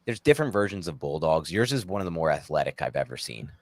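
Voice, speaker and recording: A man with a low, deep voice chatting as co-host of a sports podcast. He talks in a loose, jokey, rambling way. The sound is dry and close to the mic. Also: big pitch swings, fast talker, dry recording. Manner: laid-back, jokey, rambling. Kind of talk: casual sports podcast chat.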